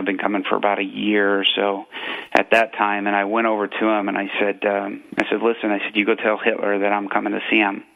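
A pastor calls in and tells a story in a low, flat voice. He acts out both sides of a conversation with earnest conviction. The sound is thin and tinny, like a phone line on the radio. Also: creaky. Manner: earnest, retells dialogue, many fillers and restarts. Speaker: pastor and police chaplain. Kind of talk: storytelling testimony on a radio show.

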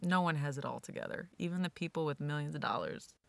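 A woman in her forties talks as a podcast guest, with a gravelly, low-set voice. She speaks in a candid, emotional, rambling way, and the recording is dry and close. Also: quick pace, dry recording. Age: 40s. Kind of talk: candid casual chat.

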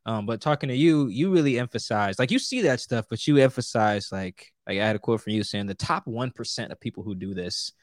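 A man hosts a podcast with a relaxed, slangy manner as he asks his guest questions. His voice is mid-pitched and sits in a dry, close sound. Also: fairly quick, few pauses, no echo. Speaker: podcast host. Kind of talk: casual interview chat.

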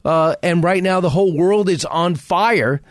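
A man who is a radio host, speaking as a guest in a fast, emphatic political talk conversation full of restarts. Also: high voice, no echo, studio quality. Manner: rapid, emphatic, frequent restarts.

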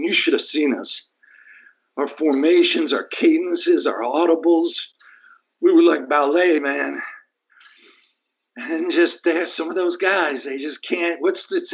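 A man playing a battered, sentimental young football player who rambles and wavers between mumbles and high cries over the phone. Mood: wistful. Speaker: caller. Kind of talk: comic prank call. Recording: tinny phone line.

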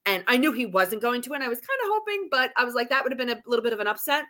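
A woman's voice: fairly high pitch, sing-song, very fast, a bit bright. A woman co-hosting a podcast, chatting casually with lots of restarts and repeated words. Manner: chatty, many restarts and stammers. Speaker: podcast co-host. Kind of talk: casual chat.

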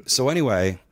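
A middle-aged man with a lowish, slightly rough voice and some vocal fry hosts a podcast. He's a wrestling trainer who, in casual chat, tells a long, profane story with animated energy, acting out the quoted dialogue.

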